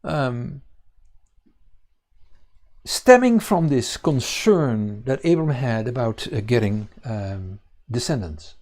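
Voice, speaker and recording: A man teaching a congregation on scripture, pausing often with fillers and restarting his sentences. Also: medium pitch, animated, a little mellow. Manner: halting, many fillers and restarts. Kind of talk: bible teaching.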